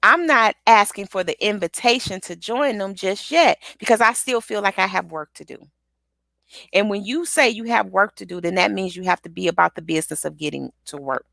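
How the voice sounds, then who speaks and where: A woman giving an energetic motivational pep talk, repeating affirmations with rhythmic call-and-response. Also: medium pitch, brisk, gravelly, no room sound. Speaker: motivational speaker and author.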